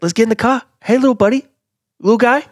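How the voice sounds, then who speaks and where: A man doing a loud, repetitive celebrity impression of an amped grown man with a Boston accent, calling out to a little buddy. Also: very high voice, quick pace, no echo, studio quality, pitched above the performer's own voice.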